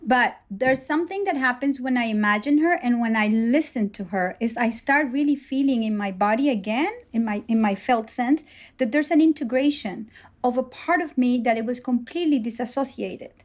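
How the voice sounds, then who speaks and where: Higher-pitched reflective woman. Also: moderate pace. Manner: reflective, storytelling, acts out dialogue. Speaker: guest. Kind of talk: conversational interview.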